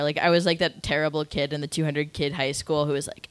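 A woman's voice: low voice, quick pace, few pauses, fairly bright tone, smooth, dry recording. A woman from Connecticut, a guest on a live show, chatting casually and self-mockingly with lots of filler words. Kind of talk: casual chat.

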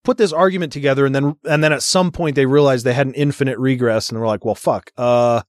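A man's voice: medium pitch, fairly even intonation, fast talker, no room sound, studio quality. A man co-hosting a casual podcast chat, reading out an argument and adding sarcastic, profane asides. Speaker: podcast co-host.

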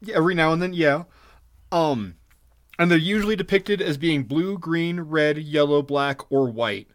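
A man with a fairly high voice chats casually on a podcast. He explains folklore with enthusiasm and throws in crude jokes along the way. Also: normal speed. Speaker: podcast co-host. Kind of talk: casual chat.

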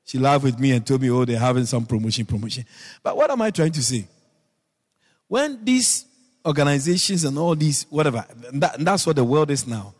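A Guyanese man preaching a radio sermon, emphatic, dropping into low asides and rising into high shouted repeats. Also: big pitch swings, brisk, long reverb tail.

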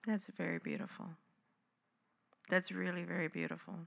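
A woman's voice: lowish voice, very animated, normal speed, gravelly. A woman co-hosting a podcast, speaking earnestly and emphatically in casual chat. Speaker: podcast co-host.

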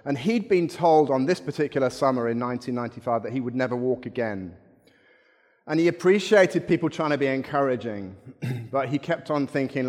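A man's voice: mid-range voice, animated, a little fast, a little mellow. A middle-aged man preaching a sermon, telling a story in a conversational way with wry asides. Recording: long reverb in a hall.

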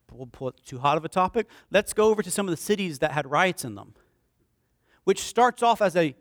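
A man preaching a sermon with passion, swinging from loud declarations to hushed, pleading prayer. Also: high-pitched, dry recording, studio quality. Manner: impassioned preaching, swinging from shouts to hushed pleas. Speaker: pastor.

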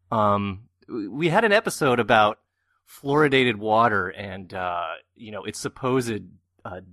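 A man with a low voice delivers wry, sarcastic commentary in a casual podcast discussion. His voice sounds dry and close, with no room echo. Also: bright, forceful tone. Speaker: podcast co-host.

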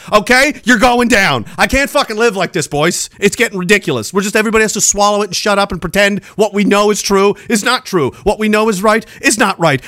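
A man's voice: very high voice, sharp tone, dry recording, studio quality. A man hosting a podcast, delivering an angry, profane, sarcastic solo rant. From Canada. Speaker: podcast host.

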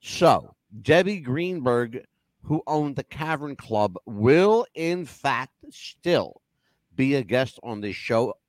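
Male talk-show host, lively storyteller, pitch bounces all over, profane, dry close mic. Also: takes it slowly, no room sound. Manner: animated storyteller, swears freely. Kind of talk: casual chat show talk.

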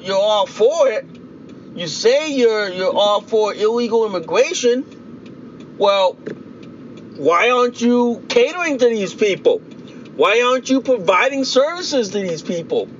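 High-voiced man ranting, profane. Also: muffled recording, a little hiss or hum. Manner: profane, repetitive, heated ranting. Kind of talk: angry political rant vlog.

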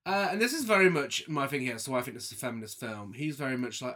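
A man's voice: medium pitch, expressive, quick pace, sharp tone. A man casually recapping a film with a co-host, joking, laughing often and acting out lines. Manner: jokey, laughs often, camp asides, acts out quotes. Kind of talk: casual chat.

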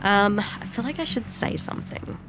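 A woman playing in a tabletop role-playing game, playful and excitable. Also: medium pitch, normal speed, over music. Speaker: player.

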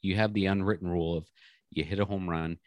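Deep-voiced guy cohosting a podcast, rambly, dry mic. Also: steady tone, fast, no echo. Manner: rambling storyteller, many restarts. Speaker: podcast co-host. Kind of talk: casual chat.

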